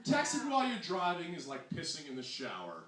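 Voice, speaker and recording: A man from New Jersey with a New Jersey accent doing a stand-up comedy set, animated and exclamatory, often mimicking other voices. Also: fairly high pitch, a little fast, a crowd in the background. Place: small hall with audience. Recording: distant echoey room mic, loud noise.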